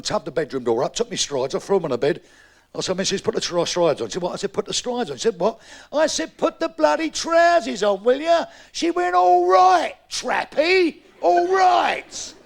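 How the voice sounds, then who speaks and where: A man with a London Cockney accent doing a bawdy live stand-up routine, with a gravelly voice and punchy, brash delivery. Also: sits high. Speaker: stand-up comedian. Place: comedy club stage. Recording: live club recording with crowd. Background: audience murmur and laughter.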